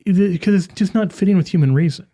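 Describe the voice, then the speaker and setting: A man's voice: sits high, quick pace, mellow. A man talking as a guest in a casual chat, talkative and self-deprecating.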